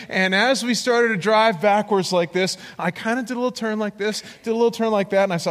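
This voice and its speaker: A man preaching a sermon, telling his own story in an animated way and acting out the voices of the people in it. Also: sits high, brisk, few pauses. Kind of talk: sermon with personal testimony. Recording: long hall reverb.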